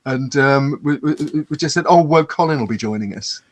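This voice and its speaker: A man co-hosting a casual podcast discussion, halting and repeating words as he looks for the right phrase. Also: mid-range voice. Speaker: podcast co-host.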